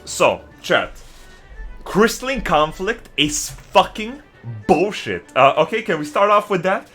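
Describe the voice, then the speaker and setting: A man streams from his desk at home and rants to his chat, swearing at every turn and breaking into loud outbursts. His voice sits a little high with a bright, forceful edge. Faint music plays behind him. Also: sing-song. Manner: profane, swears constantly; agitated, fast ranting with loud outbursts. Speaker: game streamer. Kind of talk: casual live-stream rant to chat.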